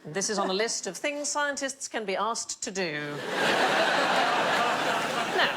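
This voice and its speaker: A woman's voice: fairly high pitch, lively intonation, measured pace, pauses often, heavy background noise. A woman hosting a TV quiz show, explaining odd facts with amused enthusiasm. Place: TV studio with audience. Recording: studio audience laughter behind.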